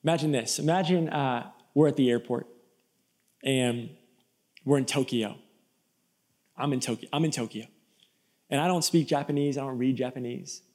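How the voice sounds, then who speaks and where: A male pastor from Florida preaching an energetic, emphatic sermon to a live church audience, with storytelling asides. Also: medium pitch, normal speed, pauses often. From Florida, USA.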